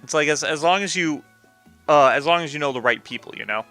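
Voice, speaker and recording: Bright-voiced man commentating gameplay. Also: fairly high pitch, fast talker, faint music behind. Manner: offhand, swears, self-mocking. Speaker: let's play gamer.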